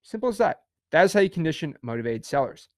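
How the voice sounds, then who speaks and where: A man's voice: a little high, big pitch swings, fast talker, no room sound, studio quality. A man teaching an online real estate session in an emphatic, repetitive way, checking in with "okay" again and again.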